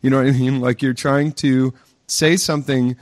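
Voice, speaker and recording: A man's voice: mid-range voice, flat delivery, normal speed, no echo. An American man chatting casually on a podcast, rambling through his stories with plenty of restarts and fillers. His voice sits in a middle range and comes through a close, dry mic with no room sound. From United States. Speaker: podcast host. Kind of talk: casual chat. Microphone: own mic with gain control.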